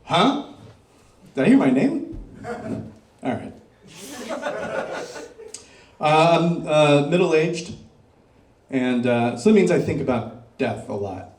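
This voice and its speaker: A man's voice: on the high side, slow, long pauses, slight background noise. Middle-aged man doing stand-up in a roomy club. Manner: crowd work, deadpan dark punchlines. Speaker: stand-up comedian. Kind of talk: stand-up comedy set. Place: comedy club stage before a laughing crowd. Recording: roomy club sound, mic picked up from a distance.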